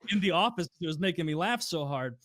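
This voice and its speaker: Young adult male podcast co-host, animated storyteller, slightly higher pitch, dry close-mic sound. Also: fast talker, dry recording. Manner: animated, swearing, acts out quoted customers. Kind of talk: casual storytelling.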